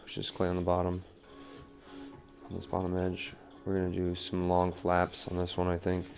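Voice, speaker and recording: A man's voice: low-pitched, completely flat delivery, moderate pace, vocal fry, darkish tone, faint music behind. A man teaching wheel-throwing as he works, talking through each step and counting pulls under his breath. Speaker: pottery instructor. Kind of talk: live throwing demonstration.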